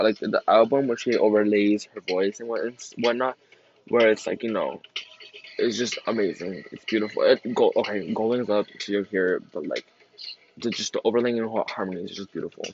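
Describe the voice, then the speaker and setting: Excitable young man reacting to music. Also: lowish voice, lo-fi sound, a little hiss or hum. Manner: excitable, laughs often, gushing. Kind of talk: casual album reaction.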